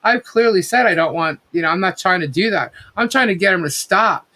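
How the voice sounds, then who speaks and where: A woman's voice: lowish voice, fairly quick, bright, forceful tone. Woman co-host for a casual live chat stream; blunt, rambling delivery with plenty of swearing. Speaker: co-host of a livestream. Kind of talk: casual livestream commentary.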